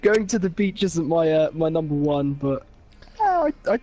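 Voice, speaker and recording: A man chatting with his friend during a gaming session, laughing often in relaxed banter. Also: fairly high pitch, moderate pace, dull audio. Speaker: friend co-commentator. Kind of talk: casual chat.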